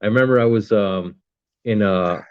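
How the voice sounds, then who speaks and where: Deep-ish voice, fifties guy swearing his way through a story, dry, kinda dull lo-fi sound. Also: normal speed, clear, resonant tone, no echo. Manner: blunt, profane, with many fillers. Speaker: podcast guest, army veteran. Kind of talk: casual storytelling interview.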